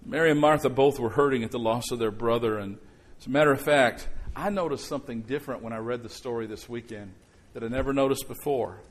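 A middle-aged male pastor preaching a conversational sermon, swinging between quiet reflection and sudden loud outbursts. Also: medium pitch, fast talker, hardly any pauses.

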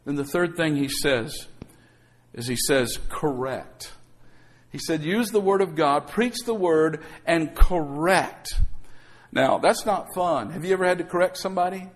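Male pastor, sermon, slightly high voice, calls for amens. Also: measured pace. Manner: calls for amens, acts out quotes. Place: church sanctuary.

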